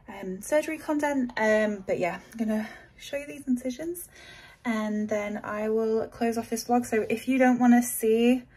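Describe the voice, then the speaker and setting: The audio is poor: a woman with a fairly high yet darkish voice talks to camera on her phone in a small room. Tired and a bit out of breath, she rambles through a casual vlog chat, leaning on many fillers.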